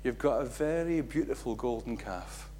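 Animated preacher man. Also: mid-range voice, moderate pace, a little hiss or hum. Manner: animated, acts out quotes with big swings in loudness. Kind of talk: sermon.

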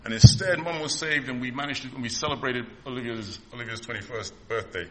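A man's voice: medium pitch, fast talker, a little hiss or hum. A man in his fifties preaching an impassioned, emotional sermon.

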